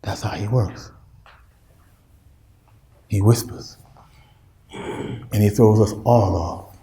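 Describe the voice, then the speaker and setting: A man's voice: on the low side, extremely slow, warm tone, reverberant. A man with an American accent preaching a sermon, emphatic and repetitive, with street slang. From United States.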